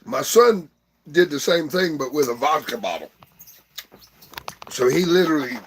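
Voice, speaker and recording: An older man, grieving, talking casually to viewers in a halting, rambling way full of pauses. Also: medium pitch, fairly bright tone, breathy edge.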